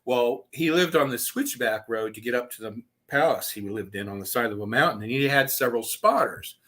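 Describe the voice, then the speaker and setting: A man telling his own story as a guest over a video call, profane and animated, chuckling as he goes. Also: mid-range voice, fairly quick. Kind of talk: casual storytelling.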